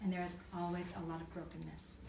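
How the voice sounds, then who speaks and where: A woman counselor talking to a church group, telling stories in an animated way, acting out voices and laughing often. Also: fairly low pitch, fast, creaky, very noisy. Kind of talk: church talk to a live group. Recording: echoey room recorded from far off.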